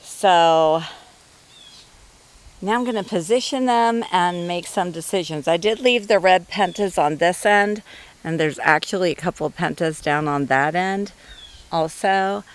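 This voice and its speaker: A woman talks her viewers through her garden with chatty, easy excitement. Her voice sits a touch low and she takes her time with each thought. It sounds like a phone held at arm's length outdoors. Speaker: gardening vlogger. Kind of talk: casual garden walkthrough.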